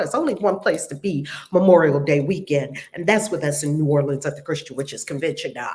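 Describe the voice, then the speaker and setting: A woman hosting an online spiritual group, talking in an exuberant, exclamatory way. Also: on the low side. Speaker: host of spiritual study group. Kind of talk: lively online group call.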